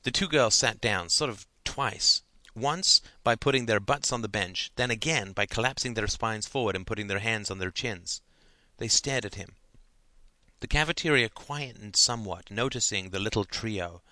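Man reading a novel, bright and dry. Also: lowish voice, moderate pace, dry recording. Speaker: narrator. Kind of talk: audiobook narration.

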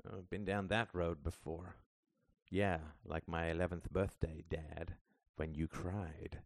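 A man reading the part of a young adult son, a bass player, guarded and quick to curse. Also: steady tone, no echo. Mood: wary. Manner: guarded, then cursing.

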